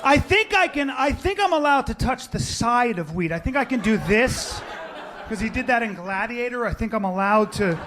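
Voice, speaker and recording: A man's voice: very high voice, expressive, moderate pace. A man doing stand-up with rambling, conversational asides. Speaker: stand-up comedian. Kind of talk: stand-up set. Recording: live club with noise.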